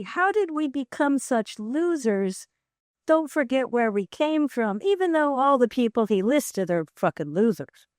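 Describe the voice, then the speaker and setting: A woman with a high voice hosts the show, walking the viewer through clips in measured, explanatory commentary. Her voice sounds dry and close, with no room around it. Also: a little mellow, no echo. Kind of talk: analytical commentary between clips.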